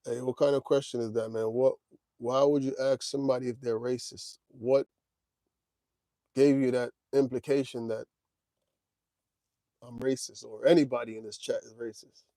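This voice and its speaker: This man, in his forties, hosts a trucking livestream and speaks casually right to his chat, drawling "man" and "y'all." His warm, mid-range voice has fairly even intonation at normal speed with long pauses, recorded dry.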